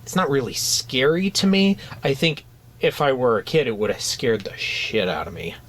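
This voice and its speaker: A man's voice: medium pitch, moderate pace, fairly bright tone, slight background noise. A man co-hosting a podcast, talking in a casual, hesitant way with frequent restarts and fillers. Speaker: podcast co-host. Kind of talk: casual chat.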